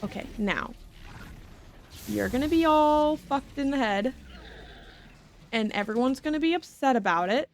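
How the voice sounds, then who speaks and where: A woman's voice: fairly high pitch, measured pace. A young woman streaming a video game, talking dramatically to herself and to the game, and sometimes reading its text aloud. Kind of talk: live game commentary.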